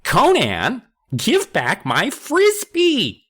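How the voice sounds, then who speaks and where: A man voicing a whiny, nerdy genius boy with a shrill, demanding voice, read aloud from a storybook. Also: wildly swooping pitch, very slow, a bit bright, breathy edge, heavily acted. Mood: whining.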